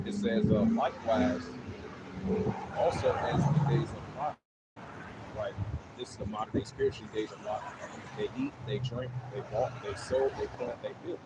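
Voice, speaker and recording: A man preaching outdoors on a city street, reading scripture verse by verse with frequent fillers. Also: lowish voice. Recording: noisy outdoor street recording. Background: loud traffic noise.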